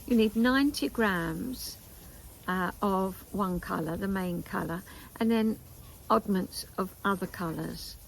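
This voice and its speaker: Older woman, knitting vlog host, slow and rambling, garden chat with faint background. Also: medium pitch, creaky, slight background noise, low-quality recording. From England. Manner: chatty and meandering, with asides and pauses. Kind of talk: casual chat to camera. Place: garden, outdoors.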